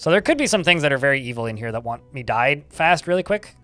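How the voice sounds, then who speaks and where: A man's voice: medium pitch, animated, quick pace, pushed and bright, faint music behind. A man giving casual live gameplay commentary, chatting, reading game text aloud and swearing casually. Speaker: game streamer.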